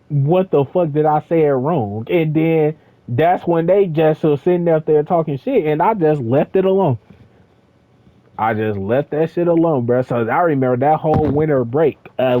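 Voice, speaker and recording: A man's voice: on the high side, moderate pace, dry recording. Young man rambling a profane story, tinny. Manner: profane, rambling, animated with laughs. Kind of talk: casual storytelling to friends. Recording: tinny phone-like dry recording.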